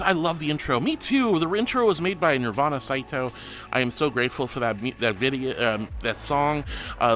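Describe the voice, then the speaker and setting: High, lively gushing male streamer. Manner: gushing, effusive thanks, giggly. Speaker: VTuber streamer. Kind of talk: live stream chat, reading viewer messages.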